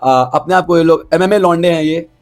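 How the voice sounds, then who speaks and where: A man's voice: fairly high pitch, racing. A young man, ranting bluntly and profanely as an MMA YouTuber, switching into Hindi mid-sentence. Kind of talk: casual streamer commentary.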